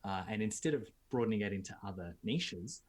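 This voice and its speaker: An Australian man, a business coach, giving relaxed, fluent interview answers with filler uhs. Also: lowish voice, a little fast, a crowd in the background.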